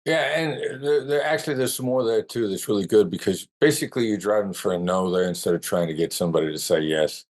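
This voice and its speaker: A man being interviewed as a negotiation expert, giving advice in a measured way and slowing down to stress key points. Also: fairly low pitch, a little mellow.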